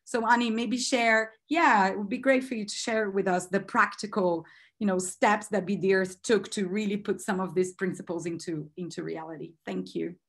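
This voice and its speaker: A woman's voice: medium pitch, steady tone, moderate pace, fairly bright tone. A woman from Brazil, moderating a webinar over a video call and introducing the next speaker, thinking aloud with fillers and restarts.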